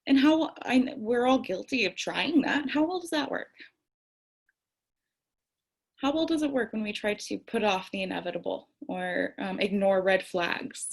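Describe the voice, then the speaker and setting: A woman's voice: mid-range voice, a little slow, creaky. Candid young woman musing on tarot. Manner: candid and conversational, laughs at herself, swears casually. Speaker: tarot and self-care host. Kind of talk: reflective spiritual talk to camera.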